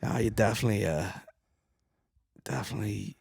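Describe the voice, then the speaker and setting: A man's voice: on the low side, a little fast, gravelly, darkish tone, husky, no echo, studio quality. A man in his thirties with a Northern Irish accent, hosting a podcast with profane, joking banter and impressions. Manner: profane, mimics voices in funny impressions. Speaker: podcast host. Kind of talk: casual banter.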